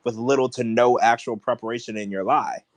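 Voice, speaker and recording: A man's voice: medium pitch, steady tone, fairly quick, no room sound. A man co-hosting a podcast, ranting in casual chat with strong opinions. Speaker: podcast co-host.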